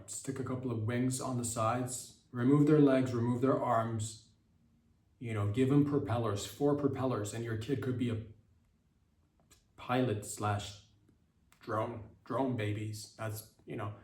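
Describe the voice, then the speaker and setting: A man hosting a comedic podcast, rambling through a loose monologue with lots of fillers and sudden excited bursts. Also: mid-range voice, unhurried, recorded from a distance, a little hiss or hum. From Canada. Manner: rambling, animated, jumps into excited voices. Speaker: podcast host. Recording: roomy echo, off-mic.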